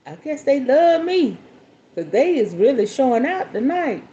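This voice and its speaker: On a muffled recording, a woman with a high voice talks a little slowly as she hosts a spiritual podcast, reading from a book and chatting casually. She laughs frequently, sounds expressive and addresses viewers directly.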